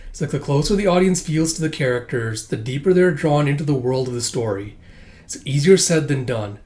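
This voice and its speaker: A man's voice: expressive, fairly quick, a little mellow. A man hosting a manga read-through channel, chatting casually and starting most phrases with "uh". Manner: filler-heavy, starts lines with "uh"; voices characters with big pitch jumps when reading dialogue. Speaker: manga reading channel host.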